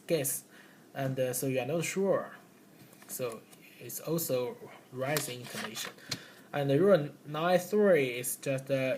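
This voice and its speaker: A man presenting a class recap at a very unhurried pace, stopping and restarting often as he works through each rule. His voice sits at an ordinary middle pitch. A faint hum of background noise runs beneath him. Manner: halting, with many fillers and restarts. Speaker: student giving a class recap. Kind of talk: classroom presentation explaining rules.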